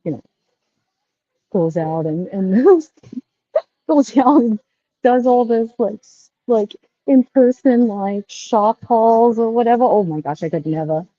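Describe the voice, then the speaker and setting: A woman's voice: on the high side, lively intonation, slow pace, mellow, dry recording, muffled recording. A woman vlogging casually while she shops in a store, chatty and rambling with folksy sayings. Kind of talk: casual shopping vlog.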